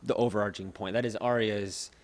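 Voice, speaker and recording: A man co-hosting a casual podcast about a book, joking and animated in his reactions. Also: on the low side, brisk. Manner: joking, animated, puts on silly quoted voices. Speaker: podcast co-host.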